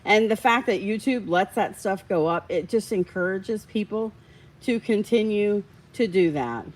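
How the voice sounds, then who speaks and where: A woman's voice: mid-range voice, expressive, a little slow, rough recording. Chatty woman hosting a live stream. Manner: chatty, reads out viewer comments, gets heated about dogs. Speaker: livestream host. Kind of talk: casual live-stream chat with viewers.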